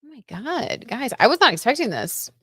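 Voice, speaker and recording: A woman's voice: on the high side, very animated, moderate pace, bright, forceful tone, husky, no room sound, clean studio sound. A young adult woman hosting a casual tarot gossip livestream, chatty and giggly as she talks to her viewers. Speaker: tarot reader and livestream host.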